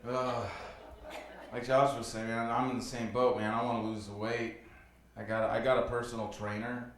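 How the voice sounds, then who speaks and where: A man performing a stand-up comedy set on a club stage, rambling loosely with many fillers and telling dark jokes flatly. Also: mid-range voice, moderate pace. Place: comedy club stage before a live audience. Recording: roomy club sound, distant mic.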